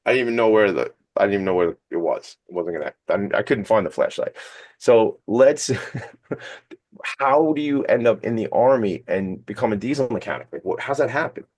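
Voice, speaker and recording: A fairly low-voiced man hosts a streamed talk radio show, rambling and joking as he talks. His delivery is chatty and enthusiastic, and he goes off on tangents. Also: animated, moderate pace, a little mellow. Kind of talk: casual interview chat. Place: studio streamed on video.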